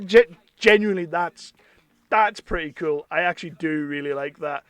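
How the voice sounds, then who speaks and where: An English man with a fairly high voice for a man, talking casually and eagerly about toys. His tone is chatty and bursts with excitement, and the recording is dry and close. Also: normal speed, clear, resonant tone, dry recording. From England. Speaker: toy reviewer. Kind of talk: casual unboxing chat.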